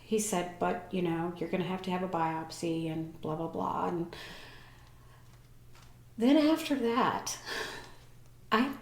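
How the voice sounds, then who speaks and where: A woman in her forties telling a personal story as a podcast guest, lively and acting out the people she quotes. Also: lowish voice, slow pace, long pauses. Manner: animated, acts out voices in her story. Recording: echoey room.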